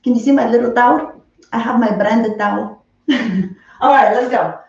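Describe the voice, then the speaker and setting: A woman's voice: fairly high pitch, steady tone, normal speed, creaky, a little mellow. A woman teaching a live online dance class, counting steps in a rhythmic, chatty way while dancing and sweating. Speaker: dance instructor. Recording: roomy, distant, dull live stream.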